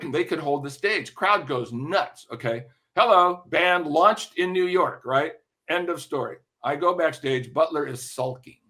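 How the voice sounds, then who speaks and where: An older man with a bright, ringing voice that sits a little high, telling a string of lively stories. He swears freely and keeps checking in with his listener with a quick "right?". It's a relaxed interview chat, all in his own voice. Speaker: music industry veteran guest. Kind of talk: animated anecdote-telling in a podcast interview.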